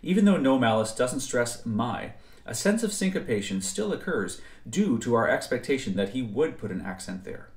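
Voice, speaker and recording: A man narrating a scripted music theory lecture in a measured, precise way. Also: mid-range voice, very animated. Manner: measured, precise explanatory delivery. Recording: roomy echo.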